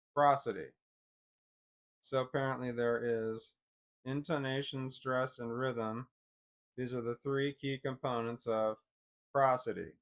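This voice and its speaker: A man talking to himself as he reads, stopping to repeat words and mock his own confusion. His pitch sits in an ordinary middle range, and the delivery is loose and unscripted. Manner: rambling, self-deprecating, reads text aloud haltingly. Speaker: vlogger. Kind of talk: casual thinking aloud while reading.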